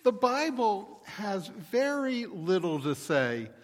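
A male pastor preaching a sermon in a deliberate, measured way. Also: sits high, very animated, long reverb tail.

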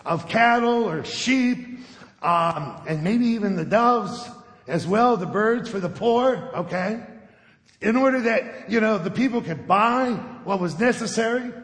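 Brief: male pastor, conversational sermon storyteller, raised pitch, echoey sanctuary. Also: fairly bright tone. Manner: conversational storytelling, often checks in with "okay?". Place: church sanctuary. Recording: echoey sanctuary with long reverb.

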